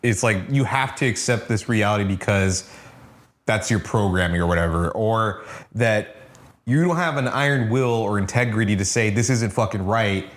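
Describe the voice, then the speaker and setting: A man's voice: on the low side, normal speed. A man co-hosting a podcast, musing casually about a comic with loose, profane phrasing. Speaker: podcast co-host. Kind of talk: casual comic review chat.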